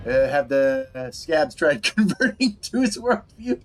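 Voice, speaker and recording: A man's voice: high-pitched, very animated, a little slow. A man commentating casually over a video game, reading its text aloud with wry, swearing asides. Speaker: game streamer. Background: game music.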